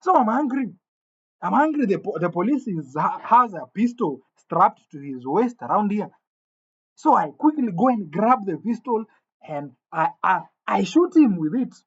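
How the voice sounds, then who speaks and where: Brief: animated male storyteller, husky, muffled lo-fi sound. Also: high-pitched, normal speed. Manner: animated, indignant, stumbling restarts. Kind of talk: comic storytelling. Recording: dull lo-fi recording.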